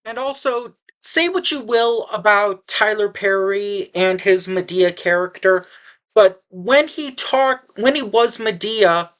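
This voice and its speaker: A woman's voice: medium pitch, expressive, takes it slowly. A woman giving a casual spoken movie review, sarcastic and exasperated, rambling with frequent restarts.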